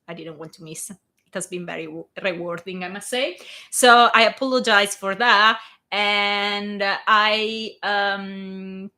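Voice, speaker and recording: A woman's voice: mid-range voice, bright, forceful tone. A young adult woman with an Italian accent, hosting a reading channel and chatting casually with listeners, often restarting her sentences. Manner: chatty, frequent restarts and filler words. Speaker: fanfiction reader and channel host. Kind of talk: casual chat before a live reading.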